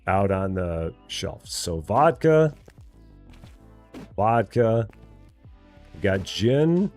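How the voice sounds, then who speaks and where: Low-voiced man chatting over gameplay, lively pitch. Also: drawn-out words, soft background music. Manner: talks to himself, chatty, reads viewer chat aloud. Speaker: game streamer. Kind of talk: casual live gameplay commentary.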